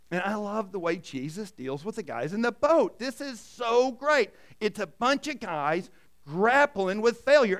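High, clear-voiced preaching man. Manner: dynamic preaching, swings from loud emphasis to hushed. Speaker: pastor. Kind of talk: sermon.

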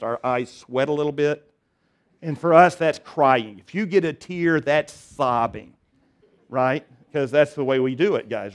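Earnest middle-aged man preaching. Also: a little high. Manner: earnest, conversational preaching with many restarts and swings between loud and soft. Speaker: pastor. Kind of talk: sermon.

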